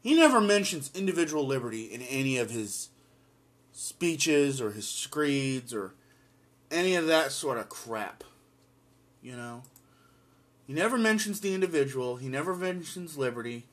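A man's voice: mid-range voice, lively intonation, moderate pace, fairly bright tone. Emphatic man giving political commentary. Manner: emphatic, blunt, repeats lines for force. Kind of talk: impassioned solo commentary, reading an article aloud.

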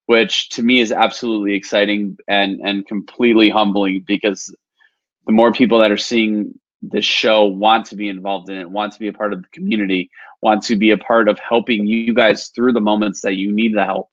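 A man's voice: fairly low pitch, level tone, a little fast, no room sound, dull audio. Upbeat man hosting a live podcast. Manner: rambling, filler-heavy, upbeat. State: partly losing his voice. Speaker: podcast host. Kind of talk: casual live-stream chat.

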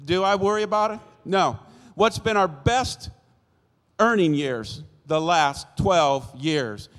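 A man in his sixties gives a sermon-style testimony from a church stage, his voice sitting a bit higher than most men's. He spins his story in a folksy way, slipping into the voices of the people in it. The sound carries a long church-hall reverb. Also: expressive, slow, fairly bright tone. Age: 60s. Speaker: church speaker giving testimony. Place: church sanctuary.

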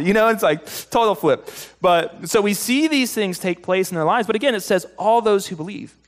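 A man preaching a sermon in a conversational storytelling way, getting animated at exciting moments. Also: high-pitched, a little fast. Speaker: pastor.

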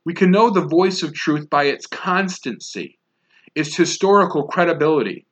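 Emphatic man preaching, slightly high. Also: normal speed, fairly bright tone. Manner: emphatic, repeats words for stress. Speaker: pastor. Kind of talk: sermon. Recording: dull lo-fi sound.

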